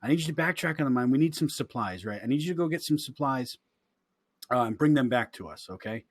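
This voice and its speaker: A bossy coal mine foreman barking out orders, as a man puts him on in passing. He is brusque and direct, and slightly husky. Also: mid-range voice, expressive, fast, lightly acted.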